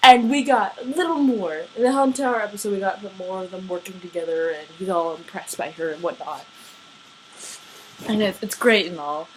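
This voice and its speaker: A woman's voice: medium pitch, brisk, a little hiss or hum, rough recording. A woman gushing about her favorite fictional couple in a casual vlog, swearing freely, gasping and laughing as she goes. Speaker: vlogger. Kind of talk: excited fan rant.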